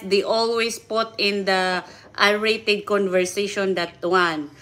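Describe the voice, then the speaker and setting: Slow and fairly bright, this woman's mid-range voice carries a laid-back livestream where she chats, laughs a lot, and repeats words. Her phrasing is simple, and her grammar is non-native.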